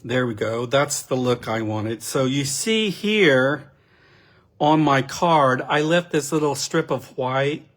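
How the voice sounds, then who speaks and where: Slow-talking man demonstrating card crafts. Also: mid-range voice, animated, fairly bright tone. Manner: unhurried, chatty, self-deprecating asides. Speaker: card-making instructor.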